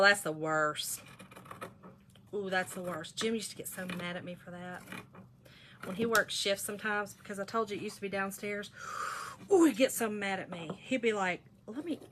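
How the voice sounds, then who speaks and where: A woman's voice: mid-range voice, moderate pace, background noise. A middle-aged woman hosting a casual crafting livestream, chatting in a folksy way and reading out viewer comments.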